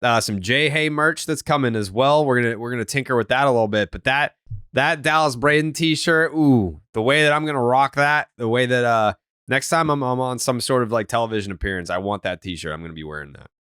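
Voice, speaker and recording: A man hosting a sports podcast in casual, animated chat, ranting and swearing. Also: medium pitch, a little fast, clean tone, no room sound, studio quality. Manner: animated, profane, rants in put-on quotes. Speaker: podcast host.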